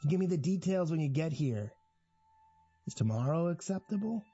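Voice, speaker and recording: A man voicing a creepy, patronizing male tattooist with a high, whiny, drawn-out voice. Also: lively intonation, dark tone, husky, dull audio.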